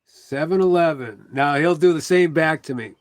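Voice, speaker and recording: A middle-aged man talks casually to his livestream viewers, rambling through stories and acting out what people said. His voice sits a little high, and the sound is dry and close. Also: normal speed, dry recording. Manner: rambling storytelling with quoted dialogue.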